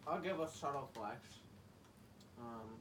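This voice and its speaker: A man's voice: medium pitch, lively intonation, unhurried. A young man hosting a podcast, teasing his friend with profane banter in casual chat. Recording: distant mic with clear background noise.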